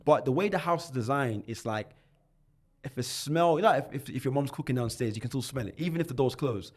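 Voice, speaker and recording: A London-accented man in his twenties, guesting on a podcast, narrates his life in animated, slang-laden talk. His mid-range voice moves briskly, and he often restarts and repeats words.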